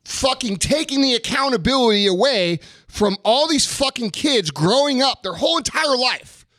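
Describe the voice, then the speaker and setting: A man in his thirties vents on his podcast in a blunt, heavily profane rant, frustrated and fired up. His voice sits high for a man. The sound is close and dry. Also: lively intonation, moderate pace, pushed and bright, no room sound. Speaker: podcast host. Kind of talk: casual ranting talk.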